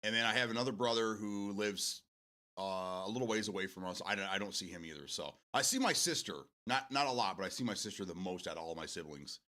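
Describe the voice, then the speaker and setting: A man's voice: fairly low pitch, lively intonation, fast, pushed and bright. A man hosting a live stream, chatting casually with his viewers, swearing freely and drifting off on tangents. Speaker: livestream host.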